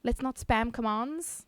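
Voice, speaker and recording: A woman's voice: mid-range voice, no room sound. A woman streaming live, chatting casually, reading chat aloud and laughing often.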